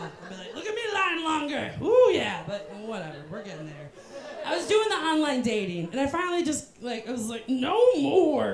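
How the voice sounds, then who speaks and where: Animated woman doing stand-up, lively crowd. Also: a little high. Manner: animated storytelling with voiced asides and self-deprecating punchlines. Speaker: stand-up comedian. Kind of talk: stand-up comedy set. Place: live comedy venue with audience. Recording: roomy live venue with crowd.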